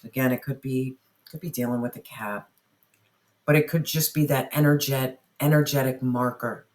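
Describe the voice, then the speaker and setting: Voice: medium pitch, fairly even intonation, moderate pace, a little mellow, slight background noise. A tarot reader giving an earnest reading straight to the listener, often repeating phrases and asking spirit questions aloud. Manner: asks spirit questions aloud while drawing cards. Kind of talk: tarot reading addressed to viewers.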